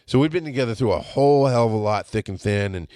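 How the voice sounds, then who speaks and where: A man in his late thirties talking in a casual podcast monologue, blunt and animated, swearing often. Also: mid-range voice, fast talker, no room sound, clean studio sound. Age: 30s. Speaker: podcast host.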